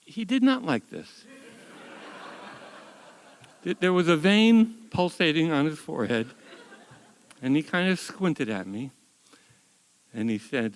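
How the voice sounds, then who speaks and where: Animated older man telling a wry story. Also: fairly high pitch, slow pace, pauses often, long reverb tail, rough recording. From United States. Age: 70s. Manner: animated, wry, with frequent word repeats. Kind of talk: live story slam storytelling. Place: stage at a live storytelling event.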